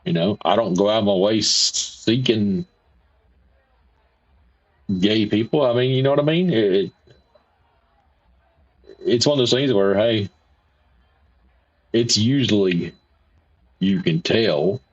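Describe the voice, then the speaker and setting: Male stream host, husky voice, dull lo-fi audio, rambling and repetitive. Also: fairly low pitch, slow, long pauses. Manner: rambling, folksy, repeats himself. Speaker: livestream host. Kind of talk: casual livestream chat reading viewer comments.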